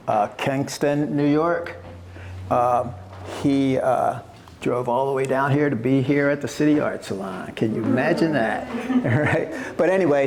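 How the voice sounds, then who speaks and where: A man hosting an arts evening introduces the next speaker in a relaxed, chatty way with many "um"s. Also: medium pitch. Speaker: event host. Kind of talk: casual introduction. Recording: clear background noise.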